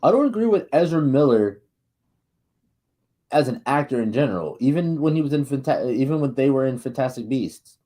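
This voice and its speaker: An excitable man co-hosting a movie podcast in casual chat. His pitch leaps and dips all over the place as he acts out scenes and swears freely. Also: brisk. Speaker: podcast co-host.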